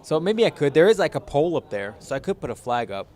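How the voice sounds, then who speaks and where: A man's voice: fairly high pitch, big pitch swings, fast talker, darkish tone. A young man co-hosting a casual podcast, talking bluntly with lots of swearing and joking. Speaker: podcast co-host. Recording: faint background noise.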